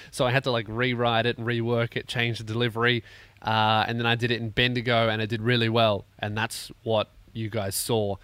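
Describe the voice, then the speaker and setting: A man's voice: mid-range voice, fairly bright tone, no room sound. Sarcastic sweary Australian man. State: in pain from a neck injury. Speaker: podcast host. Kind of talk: comedic podcast rant.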